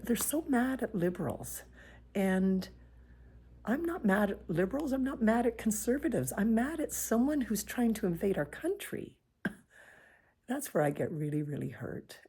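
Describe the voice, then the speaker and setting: Very husky low-voiced Canadian woman. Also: mellow. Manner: earnest and pained, at times dropping to a whisper. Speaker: vlogger sharing her views. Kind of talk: emotional personal monologue.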